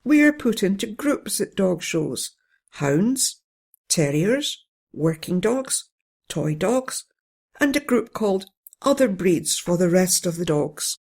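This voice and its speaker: A storyteller voicing a big, kind male German shepherd who calmly explains things to a puppy in a bedtime story. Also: medium pitch, takes it slowly, gravelly, slightly rough, heavily acted. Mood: explaining. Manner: calm, fatherly, explaining.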